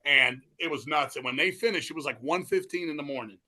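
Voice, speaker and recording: A man being interviewed, telling stories in a rambling, excitable, profane way, restarting his sentences often. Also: fairly high pitch, quick pace. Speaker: interview guest, metal musician. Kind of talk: casual storytelling chat.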